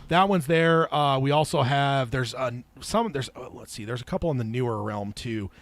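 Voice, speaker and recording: A man co-hosting a casual podcast chat and reading out listener emails, relaxed, with lots of fillers and restarts. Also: medium pitch, moderate pace. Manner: relaxed, many fillers and restarts, laughs often. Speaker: podcast co-host.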